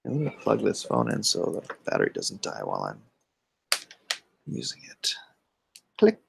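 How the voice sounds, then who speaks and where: A man's voice: on the low side, huge pitch swings, measured pace, creaky, husky, no room sound. A comic artist hosting a casual livestream, reading viewer chat aloud and answering offhandedly while muttering asides about his setup.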